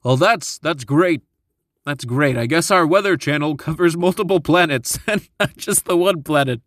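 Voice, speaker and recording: A man's voice: on the high side, normal speed, fairly bright tone, dry recording, clean studio sound. A young man casually rambling and goofing around on his own. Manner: rambling and self-amused. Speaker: solo video creator.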